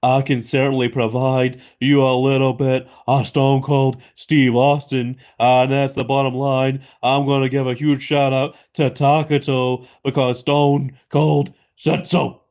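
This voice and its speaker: A Scottish man putting on the voice of a gruff, tough-talking male wrestler, drawing out his catchphrases. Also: mid-range voice, little pitch movement, a little slow, few pauses, darkish tone, lightly acted. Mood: cocky.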